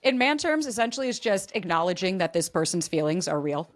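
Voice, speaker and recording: A woman's voice: fairly low pitch, big pitch swings, brisk, dry recording. A woman relationship coach, a podcast guest, explaining earnestly and acting out example dialogue. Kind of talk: explanatory interview talk.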